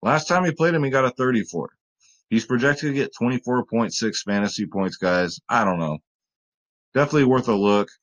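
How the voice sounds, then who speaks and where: A man's voice: mid-range voice, a little fast. A man with a mid-range voice talks through his fantasy basketball picks in a loose, rambling way. He cracks jokes and keeps calling his viewers guys. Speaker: fantasy sports vlogger. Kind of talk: casual sports betting picks talk.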